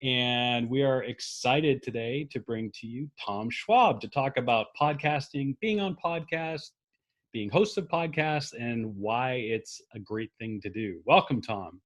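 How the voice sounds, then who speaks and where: A man's voice: medium pitch, measured pace. A man hosting a podcast, upbeat and jokey as he introduces the show. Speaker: podcast host.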